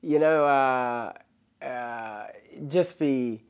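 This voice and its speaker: Aussie comedian guy chatting, lively storyteller, laughs a lot. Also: mid-range voice, extremely slow, smooth. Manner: animated storyteller, laughs often. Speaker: comedian guest. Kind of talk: casual chat.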